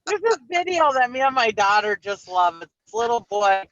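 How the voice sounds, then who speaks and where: A woman's voice: on the high side, sing-song, normal speed, fairly bright tone, dull audio. A woman in her forties with a Finnish-influenced Upper Midwest accent, chatting and laughing as a co-host. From northern Wisconsin. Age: 40s. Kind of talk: casual chat.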